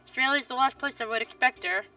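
A woman's voice: high-pitched, lively intonation, fast, vocal fry, bright, forceful tone. A young woman giving casual, wry commentary while playing a video game, thinking aloud. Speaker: let's play host. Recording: slightly distant, dull lo-fi mic.

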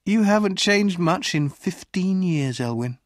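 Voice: mid-range voice, lively intonation, measured pace, no echo, clean studio sound, pitched above the performer's own voice, close to an everyday voice. A reader playing a teasing woman of thirty.

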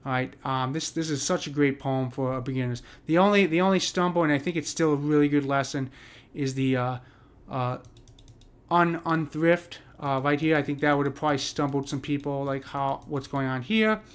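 A medium-pitched man with an American accent, speaking at a moderate pace, explains poetic meter. He's a poetry teacher in a casual screen-share lesson, working things out aloud with lots of fillers and restarts.

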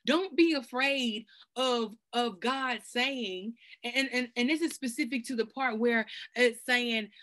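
High, bright, excitable woman teaching scripture. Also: takes it slowly. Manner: excitable, colloquial, sidetracked, slang-heavy. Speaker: Bible study teacher. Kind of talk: casual preaching to camera. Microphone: self-recorded video.

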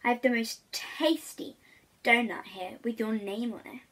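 A woman's voice: fairly high pitch, big pitch swings, takes it slowly, pushed and bright, breathy edge, full character voice. A woman voicing a sly, hungry wolf in a storybook reading, wheedling and sweet-talking.

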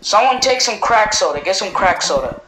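A young man chatting and joking casually while playing a VR game, swearing and yelling when excited. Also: high-pitched, moderate pace, crowd noise. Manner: jokey, swearing, yells in excitement. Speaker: gamer streaming a VR match. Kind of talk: casual gameplay chat. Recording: echoey room with loud noise.

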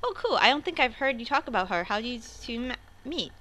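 A woman reading out the chat messages of a young female high school friend, over game music and keyboard typing. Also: sing-song, fast talker, sharp tone, slight background noise. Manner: reads chat messages aloud.

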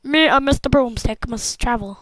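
This gameplay commentator is a young woman whose bright, high voice carries casual, excitable, joking let's-play talk as she trades banter with the game. She speaks at normal speed. The recording is rough but close and dry, with no room around her voice.

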